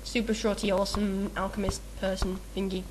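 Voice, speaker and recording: A woman's voice: medium pitch, little pitch movement, fairly quick, noisy background. Giggly, rambling young woman. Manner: rambling, giggly, self-mocking, lots of fillers. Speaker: video maker answering a meme questionnaire. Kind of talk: casual chat.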